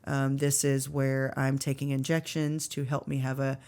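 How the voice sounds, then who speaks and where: A woman's voice: extremely low pitch, flat delivery, moderate pace, a little mellow. Woman telling a heartfelt faith story. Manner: earnest, emotional storytelling with many fillers. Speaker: podcast guest. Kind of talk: personal faith testimony.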